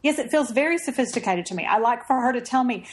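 A woman's voice: fairly high pitch, lively intonation, fast talker. A woman co-hosting a podcast, telling a story casually and laughing easily. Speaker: podcast co-host. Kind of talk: casual chat.

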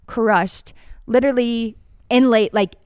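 A young woman co-hosting a podcast, telling a story in an animated, chatty way and laughing often. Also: on the high side, takes it slowly, clear, resonant tone, no echo, studio quality. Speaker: podcast co-host. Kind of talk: casual storytelling chat.

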